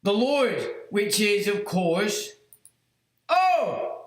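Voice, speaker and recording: Exclaiming man, lively pitch. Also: drawn-out words, echoey room. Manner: exclaiming, mocking, swearing. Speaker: livestream host. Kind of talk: casual livestream commentary.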